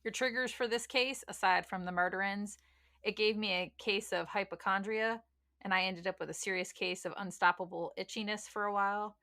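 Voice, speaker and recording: Woman, Southern US accent, true crime podcast host, blunt, joking, folksy slang, bright voice. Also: mid-range voice, fairly even intonation, brisk. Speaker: podcast host, case narrator.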